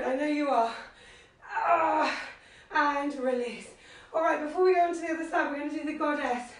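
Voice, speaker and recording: Breathless high-voiced woman instructor, far from the mic in a very echoey room, low-quality stream. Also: moderate pace. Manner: encouraging, cueing moves and counting reps. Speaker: fitness instructor. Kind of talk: live workout class instruction. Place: living room at home.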